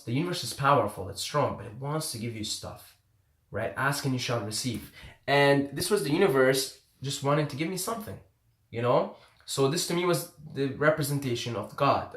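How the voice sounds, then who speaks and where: A man's voice: medium pitch, a bit bright. A man from Syria casually telling a story, laid-back and rambling with lots of fillers. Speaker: self-help vlogger. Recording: echoey room.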